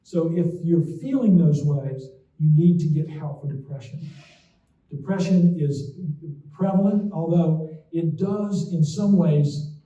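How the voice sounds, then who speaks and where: A man's voice: a little high, a little slow, warm tone. A middle-aged man, a memory doctor giving a casual talk with folksy anecdotes and frequent "okay?" asides. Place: talk to an audience in a hall. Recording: roomy, distant, dull lo-fi sound.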